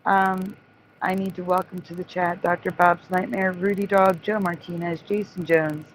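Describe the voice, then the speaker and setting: A woman's voice: on the low side, little pitch movement, moderate pace, poor audio. A woman hosting a live stream, apologetic as she reads out the names of new viewers. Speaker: host. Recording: faint background noise.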